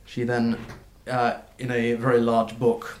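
A man narrating as game master of a tabletop game, halting and full of fillers. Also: mid-range voice, completely flat delivery, reverberant. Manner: halting, with many fillers and restarts.

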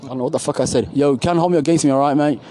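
Fast-talking man, dark mellow tone, profane rambling host, faint street noise behind. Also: a little high, poor audio. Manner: rambling, profane, loses his words, slangy. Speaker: podcast co-host. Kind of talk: casual profane street chat. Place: outdoors at a university campus.

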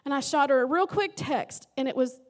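High-voiced woman pastor preaching. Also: fairly quick. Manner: emotional, dramatic storytelling with sudden loud emphasis. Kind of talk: sermon.

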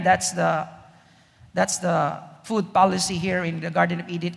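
High, gravelly preacher in a hall. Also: male voice, little pitch movement, moderate pace. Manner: emphatic preaching with repeated rhetorical questions. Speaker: pastor. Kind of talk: sermon. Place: church. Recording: reverberant church hall.

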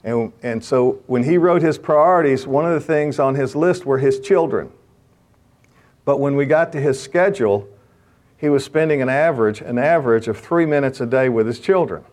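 A man's voice: medium pitch, normal speed, darkish tone. Older male speaker for a men's faith talk. Conversational storyteller, emphatic and direct. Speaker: speaker addressing a men's gathering.

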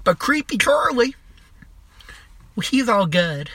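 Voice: medium pitch, lively intonation, measured pace, pushed and bright, dry recording. A young adult podcast host delivering a crude, mocking comedic rant, swearing constantly and trailing off into restarts.

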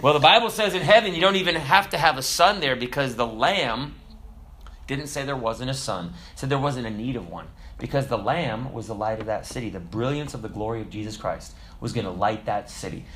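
A man preaching a sermon in a conversational, humorous way, acting out little quotes and slowing down to quote scripture. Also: medium pitch, a bit bright, slight background noise. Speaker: pastor.

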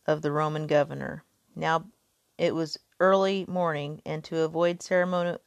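A woman's voice: low-pitched, vocal fry, no room sound, clean studio sound. A woman reading a Bible passage aloud and then talking it through casually and earnestly, with some restarts. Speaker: podcast host.

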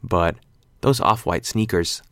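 Low-voiced rambling young man. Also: slow pace, fairly bright tone, no echo, studio quality. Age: 20s. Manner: rambling, filler-heavy, loose slang. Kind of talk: casual monologue.

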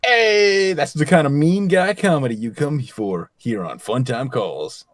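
Teasing, animated podcast co-host. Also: male voice, fairly high pitch, a little slow, no room sound, clean studio sound. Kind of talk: casual comedy chat.

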